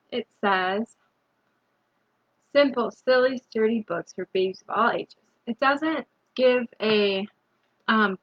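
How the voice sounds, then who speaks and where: A woman reading a picture book aloud to children, gently asking them questions and breaking into loud animal sounds. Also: mid-range voice, muffled recording. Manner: slow, gentle, asks the young listeners questions; bursts into loud animal noises. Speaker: storytime reader.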